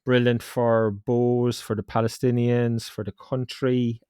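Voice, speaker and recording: A man with an Irish accent hosts a sports podcast in a relaxed, chatty way, poking fun at himself. His voice sits at an everyday middle pitch. The podcast mic is close and the room is dry, with no echo. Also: clear, resonant tone. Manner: chatty and self-mocking, brisk headline read. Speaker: podcast host. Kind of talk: casual sports podcast chat.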